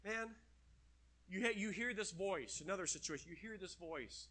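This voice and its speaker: A middle-aged man preaching a sermon with emphatic, animated delivery, slowing down to read scripture. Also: high-pitched.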